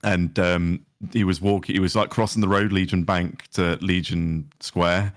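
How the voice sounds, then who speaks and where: A man guesting on a casual chat, speaking in a relaxed, hesitant way. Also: low-pitched, measured pace, no room sound, studio quality.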